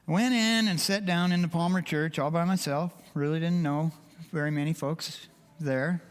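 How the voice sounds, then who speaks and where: A man's voice: fairly high pitch, fairly even intonation, moderate pace, smooth. An older man giving a heartfelt, emotional personal testimony to a church congregation. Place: church sanctuary. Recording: long reverb of a church hall.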